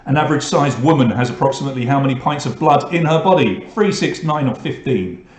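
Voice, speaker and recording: A man with a British accent hosts an online pub quiz in a relaxed, chatty way, mixing scores and questions with offhand remarks. His voice sits at an ordinary middle pitch. The recording has a noticeably roomy echo. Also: a little fast. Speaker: quiz host.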